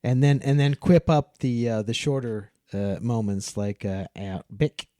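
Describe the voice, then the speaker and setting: A man's voice: medium pitch, a little slow, warm tone, dry recording. A joking man with a Midwestern American accent, talking as a podcast guest. His voice sits in a middle register. The sound is close and dry, with no room around it. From Midwestern United States. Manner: playful, joking, many restarts. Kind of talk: casual chat.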